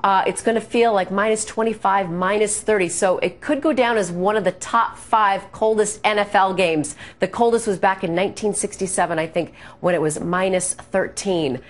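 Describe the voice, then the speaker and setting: A woman's voice: medium pitch, steady tone. A woman meteorologist delivering a chatty weather update in the studio. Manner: brisk, chatty forecasting.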